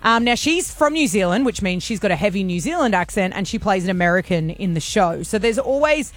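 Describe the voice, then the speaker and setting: A woman with an Australian accent co-hosting a radio show, chatty and teasing, quick to laugh. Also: medium pitch, expressive, dry recording. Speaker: radio co-host. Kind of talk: casual radio banter.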